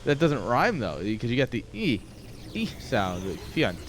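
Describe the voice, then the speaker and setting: A man's voice: mid-range voice, sing-song, normal speed, a little hiss or hum. A man casting a live strategy game, easygoing and joking, often laughing. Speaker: esports caster. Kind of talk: casual live game commentary.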